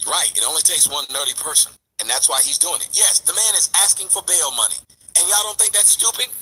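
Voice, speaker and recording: A man with a high, piercing voice that has a husky edge gives a heated, profane rant. He mocks the people he talks about and turns to address his viewers again and again. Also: a little fast, bright, forceful tone, poor audio. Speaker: commentary vlogger. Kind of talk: ranting commentary.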